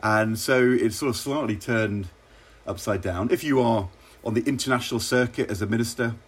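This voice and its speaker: A middle-aged man from England, a former minister, telling wry, measured stories in an interview. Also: mid-range voice, slightly rough. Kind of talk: relaxed interview anecdotes.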